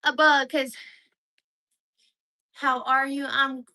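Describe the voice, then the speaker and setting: Young woman livestreamer, high voice, bright tone, blunt casual chat, swears freely. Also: little pitch movement, takes it slowly, poor audio. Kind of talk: casual live chat answering viewer comments.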